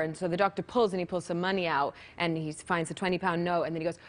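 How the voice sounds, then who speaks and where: A woman's voice: on the low side, quick pace, hardly any pauses. A woman in her thirties, a guest on a late-night talk show, telling a story with lots of giggles.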